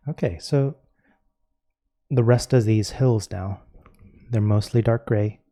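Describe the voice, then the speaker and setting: A man teaching a painting lesson, explaining each step calmly and unhurriedly as he works. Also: on the low side, slow. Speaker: painting instructor.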